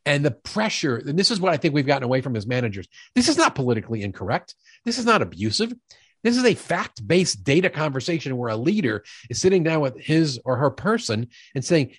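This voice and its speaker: A man's voice: a little high, very animated, a little fast, breathy edge, dry recording, studio quality. A middle-aged man guesting on a sales-leadership interview, talking energetically and emphatically, often acting out quoted dialogue. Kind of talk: conversational podcast interview.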